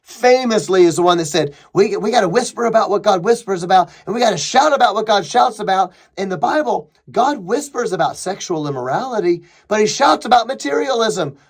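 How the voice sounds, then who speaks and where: Male podcast host with a high voice, opinionated and sarcastic commentary. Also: animated, fairly quick, few pauses. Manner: emphatic, sarcastic, mocking impressions of opponents. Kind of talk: opinionated commentary reading a thread.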